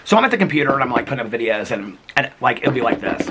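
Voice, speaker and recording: A man's voice: mid-range voice, very noisy. A man telling a rambling story to his vlog viewers in a casual, chatty way, with lots of fillers and laughter. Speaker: vlogger. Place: outdoors.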